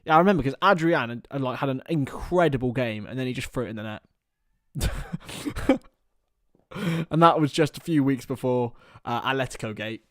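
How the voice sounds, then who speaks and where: A young man giving partisan live commentary on a football match for a fan watchalong, chatting casually between the action and getting loud at chances. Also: medium pitch, brisk, no room sound, clean studio sound. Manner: partisan, rises to excited shouts at chances.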